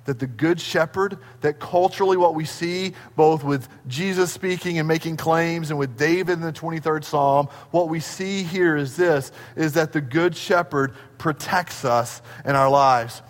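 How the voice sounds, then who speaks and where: A middle-aged man with a high voice preaches a sermon, and his words ring out with a long reverb in a church sanctuary. He tells family stories in an animated way, sometimes sliding into squeaky impressions of his kids. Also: unhurried, few pauses. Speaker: pastor.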